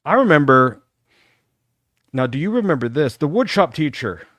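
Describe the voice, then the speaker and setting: A man's voice: a little high, moderate pace, dry recording. A man in his fifties from Texas hosts a live call-in talk show, swapping old school stories with a caller. His voice swoops up and down as he tells them, and the sound is close and dry, with no room around it. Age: 50s. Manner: animated, reminiscing storyteller.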